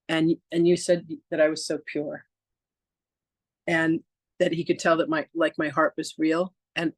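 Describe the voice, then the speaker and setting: A woman whose voice is on the low side tells a personal story with no echo in the audio. She's a podcast host and reverend, chatting casually and acting out the dialogue, full of "like" and restarts.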